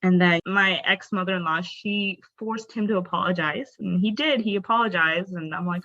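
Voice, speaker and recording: A woman's voice: medium pitch, moderate pace, few pauses. Frank young woman telling her story. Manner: expressive, frank, fillers of "like". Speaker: podcast guest. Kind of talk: candid personal storytelling. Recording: dull, dry, lo-fi sound.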